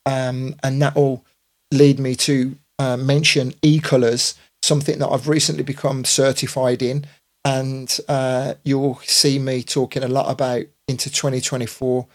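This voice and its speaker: A man's voice: medium pitch, little pitch movement, unhurried. A man in his fifties, a DJ hosting a casual live stream, rambling with lots of fillers and restarts. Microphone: computer or phone mic on a live stream.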